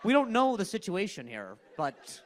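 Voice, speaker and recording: A man's voice: high-pitched, wildly swooping pitch, normal speed. A young man doing stand-up crowd work, stammering and repeating words, laughing often. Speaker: stand-up comedian. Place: comedy club stage.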